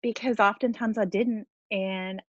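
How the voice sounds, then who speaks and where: A middle-aged woman giving an emotional, halting personal testimony on a video call, often close to tears. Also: mid-range voice, steady tone, dry recording, muffled recording. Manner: tearful, halting, many ums. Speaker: guest sharing a weight-loss story.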